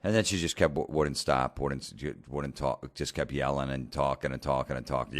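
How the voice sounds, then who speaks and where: A comedian hosting a podcast, telling a blunt, profane story in a casual rant. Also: male voice, very deep voice, a little fast.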